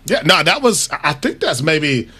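A man co-hosting a sports radio show, his pitch swinging widely as he talks. His tone is bright with a husky edge, and he laughs easily. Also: unhurried. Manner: animated, laughs often. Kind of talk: casual sports talk.

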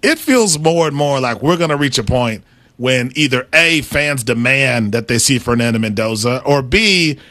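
A man's voice: mid-range voice, expressive, bright, forceful tone, dry recording. A man co-hosting a sports talk show, chatting casually and laughing at himself as he breaks down football games. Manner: conversational, self-deprecating, quick to laugh. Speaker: sports analyst co-host.

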